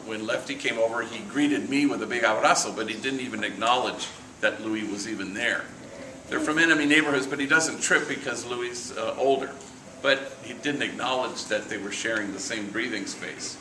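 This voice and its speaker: A middle-aged priest giving a relaxed storytelling reflection at a morning meeting, sprinkling in Spanish slang and acting out the voices of the people he quotes. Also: medium pitch, normal speed. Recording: echoey room, from far off, noisy.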